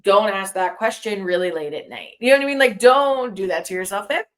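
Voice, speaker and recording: A woman's voice: mid-range voice, fairly quick. A woman co-hosting a podcast in casual chat, frank and candid, giving plain advice. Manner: frank, candid, says "babe". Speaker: podcast co-host.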